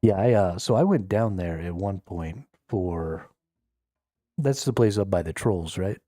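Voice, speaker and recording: A low-voiced man chatting casually while he plays on a live stream, joking and wry. His tone is mellow, the sound is dry and close, and soft music plays underneath. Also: measured pace, no room sound. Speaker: game streamer.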